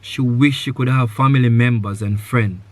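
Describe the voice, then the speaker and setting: A man's voice: medium pitch, fairly even intonation, normal speed, darkish tone, no room sound. A man hosting a live podcast, giving earnest advice to a guest, repeating his main points and filling his talk with "you know.". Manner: loose sentences with many "you know" fillers. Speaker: podcast host.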